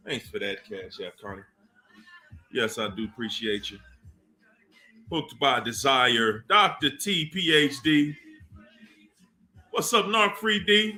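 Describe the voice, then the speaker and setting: A man hosting a casual livestream, slowly reading out names from the chat with warm laughs. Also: medium pitch, faint music behind. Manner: slow, drawn-out shout-outs with laughs. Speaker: livestream host.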